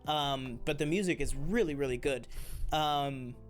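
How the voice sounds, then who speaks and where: Man, casual review chat, slightly high voice, rambling with fillers, faint background music. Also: a little slow. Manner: enthusiastic, rambling with many fillers and restarts. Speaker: co-host of a TV review show.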